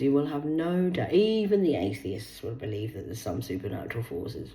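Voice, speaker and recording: A woman in her forties, losing her voice, who rambles, swears and swings between loud bursts and hushed asides as she hosts a solo chat. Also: a bass voice, roomy sound, rough recording. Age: 40s. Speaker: host. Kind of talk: rambling solo live chat reading aloud.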